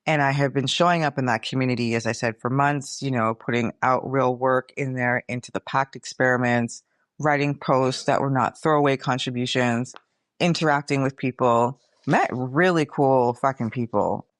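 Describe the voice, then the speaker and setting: A woman's voice: a bass voice, steady tone, moderate pace, dry recording, studio quality. A middle-aged woman hosting her own podcast, talking candidly and casually, swearing freely and calling her listeners y'all. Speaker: podcast host. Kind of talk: casual reflective monologue.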